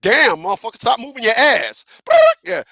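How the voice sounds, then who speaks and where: A man hosting a live talk radio show who talks in an animated, profane way, laughs often and repeats himself. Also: very high voice, normal speed, gravelly, no echo.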